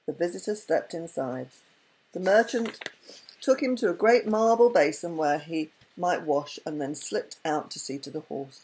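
A woman narrating a storybook tale in a gentle, unhurried reading. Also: sits low, slightly rough, rough recording.

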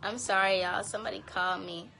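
A tired young woman chatting casually to viewers on a phone live stream from home, talking in a drowsy, low-energy way. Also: steady tone, brisk, gravelly, music in the background, poor audio. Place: home, indoors.

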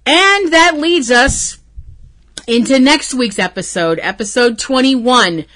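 A woman's voice: high voice, lively intonation, takes it slowly, a bit bright. A woman hosting a fan podcast, giving a casual, emotional episode recap full of gushing and swearing. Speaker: podcast host.

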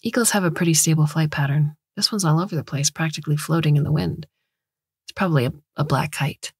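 A woman's voice: low voice, quick pace, darkish tone, husky, no room sound, clean studio sound. A woman doing an earnest young woman scientist. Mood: explaining.

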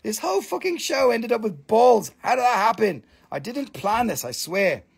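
A man hosting a live crystal sale, chatting in an excitable, joking way and swearing casually. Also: high voice, moderate pace, vocal fry, husky. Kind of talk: live sales stream chat.

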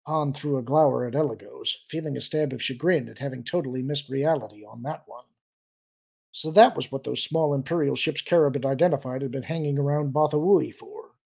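Audiobook narration: a man with a gravelly, husky voice, steady storytelling. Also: medium pitch, fairly quick.

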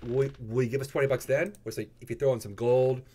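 A man hosting a casual game news video, playful and jokey, his voice jumping into high excited squeals. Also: fast, husky. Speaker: gaming YouTuber host.

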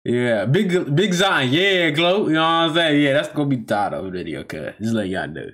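A man's voice: a little high, sing-song, brisk, fairly bright tone. A man hosting a reaction video, talking casually in slang and often repeating himself as he stops to comment.

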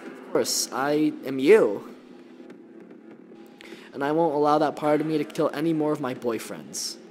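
A man voicing a young woman standing up to her own dark side, in a firm, determined read over a noisy mic. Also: fairly high pitch, animated, a little slow, faint music behind. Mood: resolute. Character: resolute young woman reclaiming herself.

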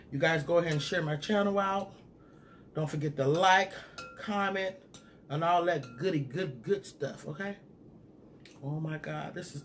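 A man with a slightly high voice reviews a sauce in a casual mukbang vlog, talking straight to his viewers and humming and murmuring as he eats. There's a little hiss or hum in the recording.

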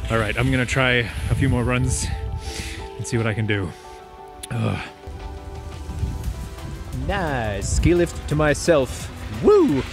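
A young man chatting casually to the camera outdoors on a ski slope, excitable and thinking aloud as he goes. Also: mid-range voice, slow, long pauses, over music. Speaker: vlogger learning to snowboard. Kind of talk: casual vlog commentary.

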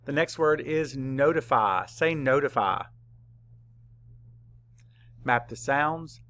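A man teaching a spelling lesson to young children, spelling out letters slowly and patiently. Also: medium pitch, expressive, creaky, a bit bright. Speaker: third-grade teacher.

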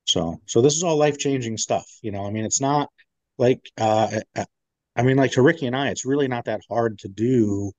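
A man's voice: mid-range voice, normal speed, dark tone, dry recording, muffled recording. A man, a military veteran, telling a long story in a casual interview, rambling with many fillers and restarts. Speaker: guest, veteran.

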